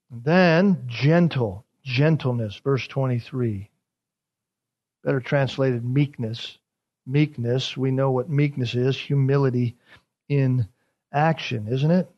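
A man preaching an expository sermon as pastor, repeating key words for emphasis. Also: medium pitch. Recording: dull lo-fi sermon recording.

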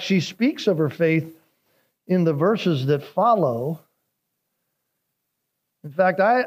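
Pastor, man, sermon delivery; unhurried, earnest, builds to emphatic peaks, some repeats. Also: fairly high pitch, darkish tone. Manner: earnest preaching, rising in emphasis on scripture.

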